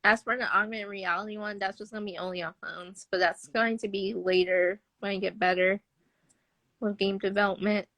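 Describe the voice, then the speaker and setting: Over a live video call, a woman joins a casual podcast as a guest game developer to talk about games she's building, often laughing between remarks. She speaks at a moderate pace with medium pitch, a steady tone and a fairly bright quality. A phone or webcam mic on the live stream picks her up with no echo.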